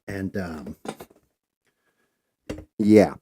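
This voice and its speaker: A man's voice: low voice, drawn-out words, noisy background. A man hosting a live stream, telling loose, rambling stories in a casual, conversational way. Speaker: host.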